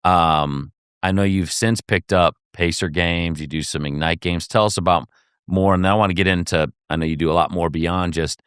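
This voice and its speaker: Deep-voiced male podcast host. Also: steady tone, moderate pace, fairly bright tone, clean tone, no echo, clean studio sound. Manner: encouraging, frequent affirmations. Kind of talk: interviewing.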